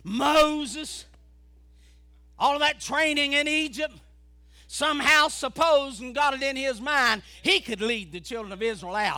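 A man preaching a fiery revival sermon as an evangelist, building from quiet talk to shouted preaching. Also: extremely high pitch, measured pace.

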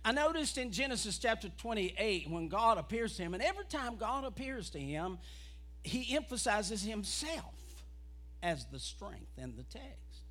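Fiery shouting preacher man. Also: sing-song, moderate pace. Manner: builds from low speech to shouted preaching. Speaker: evangelist preacher. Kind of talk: fiery revival sermon.

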